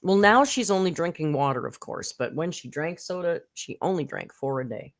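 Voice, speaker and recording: Hosting a casual live reaction stream, this woman is snarky and profane, rambling with fillers right up on her close desk mic. Her voice is deep and animated, at a moderate pace.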